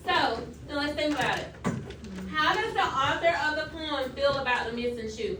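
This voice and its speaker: A woman teaching a class of children, coaxing answers with questions, recorded from far off in an echoey classroom with loud noise. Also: sits high, lively intonation, normal speed.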